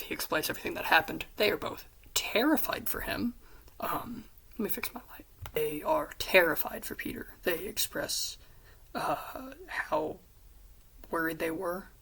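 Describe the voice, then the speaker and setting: A woman casually retelling an episode pitch, rambling with quick asides and swearing, in a whispery, gravelly voice. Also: a bit bright, poor audio. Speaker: fan pitch presenter.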